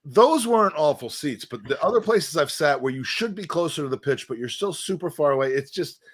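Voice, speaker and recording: A podcast co-host with a slightly high, somewhat bright voice, lively intonation and a breathy edge talks briskly. The recording is studio quality with no room sound, and his casual chat rambles with plenty of fillers and restarts.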